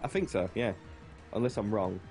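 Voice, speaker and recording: A man chatting casually on a game stream, laid-back and quick to laugh. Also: lowish voice, darkish tone, faint music behind.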